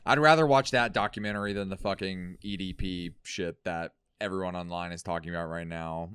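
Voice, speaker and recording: A young man co-hosting a podcast, ranting in casual chat with lots of swearing and sudden loud, high bursts. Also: steady tone, fairly quick, smooth, no echo, studio quality. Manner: ranting, heavy swearing, swings loud and high when worked up. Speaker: podcast co-host.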